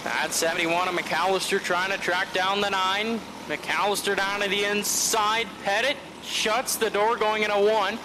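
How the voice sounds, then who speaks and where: A man doing live race commentary in a brisk announcer style, opening the broadcast and calling the passes. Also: high voice, little pitch movement. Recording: noisy trackside broadcast with engine noise.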